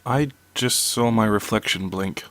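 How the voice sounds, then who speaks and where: A man reading out short horror stories in a slow, measured narration. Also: fairly low pitch, a bit bright. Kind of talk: reading scary two-sentence stories.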